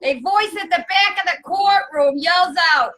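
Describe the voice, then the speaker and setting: A woman's voice: extremely high pitch, a little slow, low-quality recording. A woman hosting a casual holiday chat, joking and laughing as she talks, with music playing behind her. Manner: giggly, animated, keeps breaking into laughter. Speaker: host.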